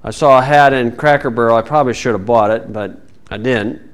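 A man's voice: mid-range voice, fairly quick. A man teaching the Bible in a folksy sermon style, with sarcastic asides and mocking voices.

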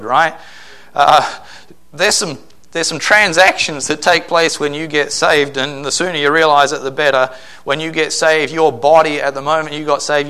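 Male pastor, emphatic sermon delivery, bright forceful voice. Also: a little high. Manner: emphatic preaching with acted-out quotes.

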